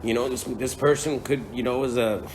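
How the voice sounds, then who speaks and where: A man's voice: medium pitch, steady tone, moderate pace, darkish tone, a little hiss or hum, close to an everyday voice. The universe as a laid-back scheming boss, as a man puts it on. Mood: plotting. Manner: casual slang and swearing.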